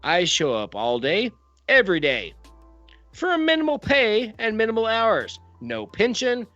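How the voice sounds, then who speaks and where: A high, wildly swooping man's voice puts on a thick Southern drawl to play a folksy courtroom judge, ranting loud and theatrical. The podcast audio is a little dull and lo-fi, with faint music underneath. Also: huge pitch swings, a little slow, no room sound. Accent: put-on Southern US drawl. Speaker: podcast co-host playing a judge. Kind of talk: comic mock-courtroom rant.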